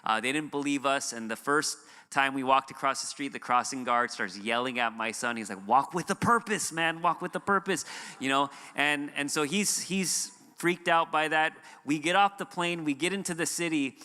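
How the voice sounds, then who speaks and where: A man from the United States preaches as a guest pastor, telling stories in a relaxed, filler-heavy way. His voice is bright and crisp. It rings out with a long church-hall reverb. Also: mid-range voice, normal speed, hardly any pauses. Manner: conversational storytelling with fillers. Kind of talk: sermon. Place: church sanctuary.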